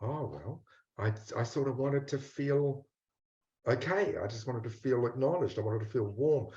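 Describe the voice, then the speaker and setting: A man voicing an ashamed, rejected inner part of a person, speaking quietly and hesitantly with stammers, in a roomy lo-fi recording. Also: mid-range voice, normal speed, lightly acted. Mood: hushed hesitant.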